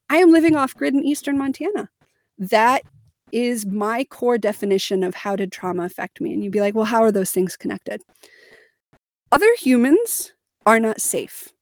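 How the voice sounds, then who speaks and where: A woman's voice: a little high, expressive, normal speed, no echo. A young adult woman from Missouri co-hosting a podcast, telling a personal story candidly and emphatically, with laughs and fillers. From Missouri, United States. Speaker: podcast co-host.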